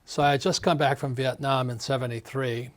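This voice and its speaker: A man's voice: medium pitch, fairly even intonation, brisk. An older man in his seventies, an author being interviewed, speaking emphatically in a ranting way. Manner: emphatic, ranting, acts out quoted voices. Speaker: author and guest.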